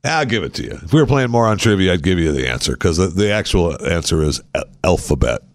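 A man with a deep, low voice co-hosting a morning radio show, laid back and joking. He often hesitates and fills the gaps with "uh." Dry studio sound with no echo. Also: expressive. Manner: joking, halting, lots of fillers. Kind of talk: casual morning show banter.

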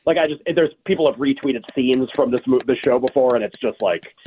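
A man's voice: medium pitch, a little fast, a little hiss or hum. A man chatting casually as a guest, rambling with many fillers and restarts. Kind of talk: casual chat. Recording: tinny phone-line sound.

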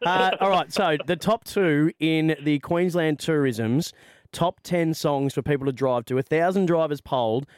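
Jokey radio host, dry studio. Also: male voice, on the high side, clean tone, no echo. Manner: jokey, brisk, laughs often. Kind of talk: casual radio banter.

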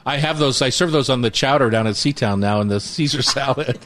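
A man's voice: mid-range voice, a little fast, a bit bright, a little hiss or hum. A man hosting a casual food radio show from a kitchen studio, upbeat and rambling with jokes. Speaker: radio show host and chef.

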